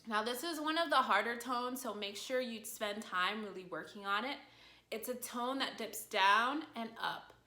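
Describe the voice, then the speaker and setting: A woman teaching an online language lesson in a patient, encouraging way, explaining each point clearly. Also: on the high side, moderate pace, sharp tone. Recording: echoey room.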